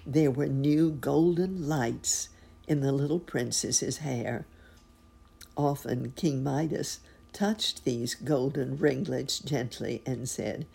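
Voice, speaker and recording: A woman reading a storybook aloud with expressive narration. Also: a bass voice, slow, vocal fry, slightly rough.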